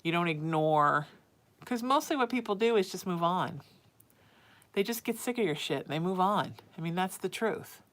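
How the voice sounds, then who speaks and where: A woman's voice: lowish voice, expressive, normal speed, fairly bright tone. A woman hosting a live psychic reading stream, talking casually and frankly, and drifting into baby talk with her cat between answers. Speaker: psychic show host.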